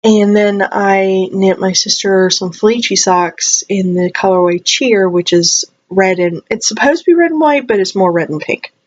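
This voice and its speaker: A young woman vlogger rambling casually, her voice jumping high when excited, her throat a little dry. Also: normal speed, few pauses. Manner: chatty, rambling, animated with sudden high jumps. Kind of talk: casual chat. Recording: slightly dull lo-fi audio.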